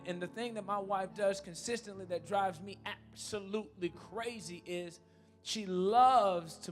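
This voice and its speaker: A man preaching a sermon in a church, telling a humorous story and then making an earnest, repetitive appeal. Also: sits high. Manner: repetitive and emphatic. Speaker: pastor.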